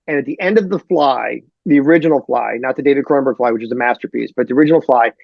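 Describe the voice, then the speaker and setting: A man from Detroit, a novelist guest on a podcast, talking in a rambling, animated way full of fillers. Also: medium pitch, very fast, vocal fry, no echo, muffled recording. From Detroit, USA. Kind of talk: casual podcast chat.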